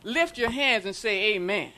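A woman preaching a sermon in a church, leading the congregation in call-and-response and building to shouts. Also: high-pitched, moderate pace. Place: church sanctuary.

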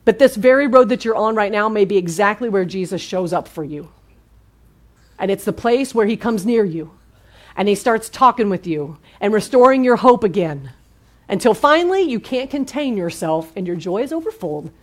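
A woman's voice: mid-range voice, moderate pace. Lady pastor preaching casual style, chatty, keeps asking the crowd right?. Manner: lively, asks the audience questions. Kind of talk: conversational sermon.

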